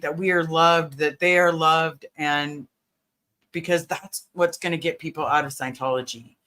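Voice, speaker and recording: A woman's voice: sits low, pushed and bright. A woman hosting a casual livestream, earnestly greeting viewers by name and reassuring them. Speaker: livestream host.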